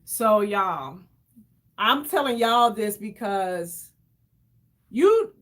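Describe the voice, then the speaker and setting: A woman telling an emotional story to her viewers in a casual, animated way, calling them y'all and acting out what others said. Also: medium pitch, extremely slow. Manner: animated, addresses viewers as y'all, acts out quoted voices. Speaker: vlogger.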